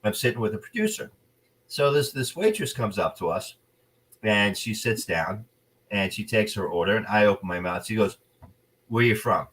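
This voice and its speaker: A man's voice: fairly low pitch, normal speed, distant mic. A man with a New Jersey accent, an actor telling blunt, playful stories in a casual interview. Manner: animated storyteller, playful and blunt. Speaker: actor guest.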